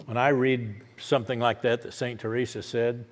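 A man preaching a sermon, repeating lines with rising emphasis and dropping soft and low at the ends of thoughts. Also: little pitch movement, normal speed. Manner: emphatic repetition, rising to loud declarations. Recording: long hall reverb.

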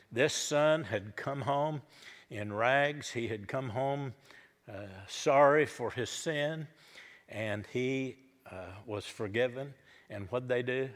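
In a church, a middle-aged pastor preaches a sermon in a folksy storytelling style, acting out the characters as he goes. His voice is medium in pitch and trails off into a long reverb tail.

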